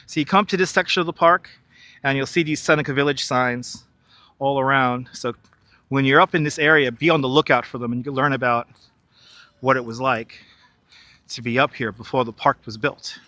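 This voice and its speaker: New guy live-streaming a park walk, chatty, super bright voice, dry close clip mic. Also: medium pitch, steady tone, brisk, no echo. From New York. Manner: chatty, reads out viewer chat, laughs easily. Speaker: live-streaming tour guide. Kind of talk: casual live-stream walking tour. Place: outdoors in a large city park. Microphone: wireless clip-on mic.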